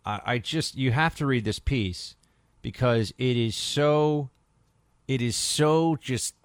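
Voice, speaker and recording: A man's voice: mid-range voice, dry recording. Sarcastic male talk radio host. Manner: sarcastic, combative. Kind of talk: political talk radio commentary.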